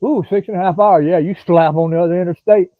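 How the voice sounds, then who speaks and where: A middle-aged man with a Southern drawl chats loosely with his live-stream viewers, wandering from thought to thought in a folksy way. His voice sits a touch high. The sound is dry and thin, like a phone line. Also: fairly even intonation, fast, no echo. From Florida. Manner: rambling, folksy, drawling, chats to commenters by name. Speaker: livestream host.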